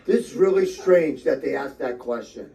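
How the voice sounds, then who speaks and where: A man hosts a podcast and keeps things loose and joking, echoing each question before he answers it. His voice is warm and mellow. He sounds like he's sitting a little distance away from the microphone. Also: mid-range voice, animated, moderate pace, vocal fry. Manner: playful, repeats the questions aloud. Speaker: podcast host. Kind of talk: casual chat. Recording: distant from the mic.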